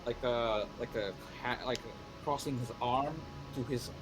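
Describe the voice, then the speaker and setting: A young man runs a tabletop game, describing scenes in a loose, halting way and restarting his phrases often. His voice is at a middle pitch, with faint music playing in the background. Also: low-quality recording. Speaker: game master.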